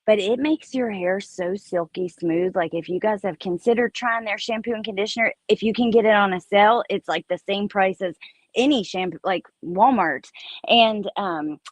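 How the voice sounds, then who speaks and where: A woman's voice: medium pitch, no room sound. A woman hosting a casual chat, rambling happily about products she likes. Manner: chatty, rambling product recommendations. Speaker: host.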